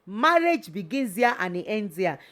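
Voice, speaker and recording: A woman's voice: mid-range voice, very animated, normal speed, a bit bright. A middle-aged Nigerian woman, a radio host and family therapist, giving an emphatic motivational talk on relationships and mixing English with Yoruba. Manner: emphatic, switching between English and Yoruba, preachy.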